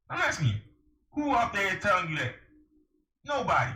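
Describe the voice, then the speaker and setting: A vlogger giving advice speaks in a high, sing-song voice with a sharp edge, at a moderate pace broken by long pauses. He delivers a preachy, emphatic monologue to camera, peppering the viewer with rhetorical questions. The room is echoey.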